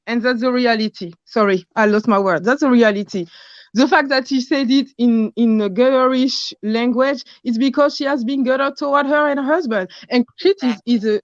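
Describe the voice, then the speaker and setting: A woman's voice: a little high, no room sound, muffled recording. Blunt woman with a French accent. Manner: blunt, searching for English words. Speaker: caller. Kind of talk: casual chat.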